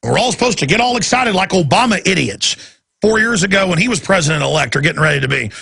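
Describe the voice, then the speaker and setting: A man's voice: sits high, lively intonation, fast talker, sharp tone. A male radio talk show host delivering a heated, sarcastic political rant. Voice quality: gravelly, raspy.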